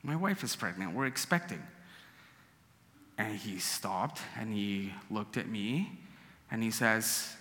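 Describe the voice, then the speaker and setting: A man from Guatemala telling a personal story to an audience, emotional and animated, acting out the dialogue. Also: lowish voice, takes it slowly, long pauses. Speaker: storyteller guest. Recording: long hall reverb.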